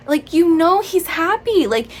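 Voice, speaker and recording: A woman's voice: extremely high pitch, big pitch swings, unhurried. A woman chatting through a book review vlog, exasperated and rambling, with many "like"s. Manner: exasperated, chatty, heavy use of "like".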